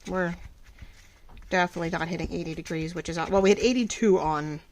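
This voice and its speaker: A woman's voice: fairly low pitch, a little fast, a little mellow, a little hiss or hum, rough recording. A woman vlogger chatting casually while she crafts, thinking aloud and restarting her sentences as she goes.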